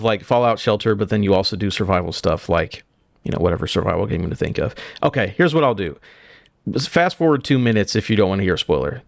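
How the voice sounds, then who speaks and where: A man co-hosting a casual gaming podcast, telling stories in an excited, profane way and acting out what characters say. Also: on the low side, no echo, studio quality. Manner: excited, profane storytelling with acted-out quotes. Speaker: podcast co-host.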